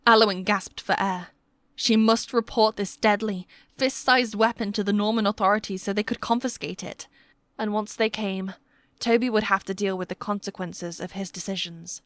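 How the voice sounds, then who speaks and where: A woman narrating a historical fantasy romance audiobook with steady, measured storytelling. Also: mid-range voice, no room sound.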